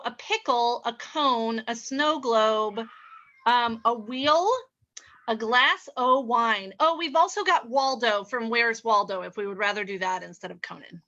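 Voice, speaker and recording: A woman's voice: fairly high pitch, unhurried, sharp tone, dull audio. A woman hosting an improv game over a video call, chatty and giggly.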